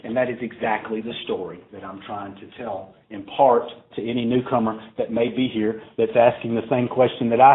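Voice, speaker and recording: A man's voice: medium pitch, little pitch movement, normal speed, few pauses. A man speaking at a recovery meeting, telling a story to a crowd in a profane, digressive, conversational way. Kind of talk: live storytelling talk to a crowd. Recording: tinny phone-like recording, faint hiss.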